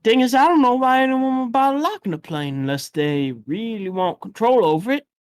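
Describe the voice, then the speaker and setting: A woman's voice: fairly high pitch, expressive, brisk, clear, resonant tone, no echo, studio quality, lightly acted. A woman voicing a rambling old man with a mumbly, jaw-pushed-out voice and a folksy, hesitant way of talking. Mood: musing. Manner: folksy, hesitant, full of uhs and trailing thoughts. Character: rambling old man who sends adventurers off.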